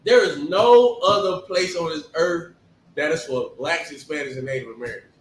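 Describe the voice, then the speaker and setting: A man giving a conversational sermon, talking in an animated, emphatic way and firing off rhetorical questions. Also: on the high side, moderate pace, a little hiss or hum. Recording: echoey room, distant mic.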